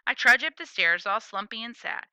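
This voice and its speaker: A woman reading a first-person children's story aloud in a playful, expressive way. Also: on the high side, moderate pace, dry recording, lo-fi sound. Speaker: audiobook reader.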